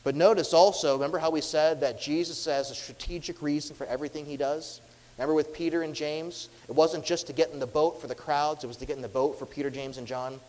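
A man delivering a sermon from the pulpit, earnest and probing as he poses questions to the congregation. His voice sits a little high for a man and falls soft and low whenever he quotes. A long reverb trails behind every phrase, as in a large hall. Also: steady tone, fast. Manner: earnest, questioning, drops softly for quoted words. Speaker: pastor.

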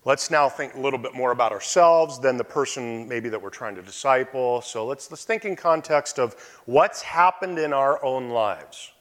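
A male pastor preaching a sermon, expressive, often dropping to quiet asides. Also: medium pitch, moderate pace, few pauses. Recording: long hall reverb.

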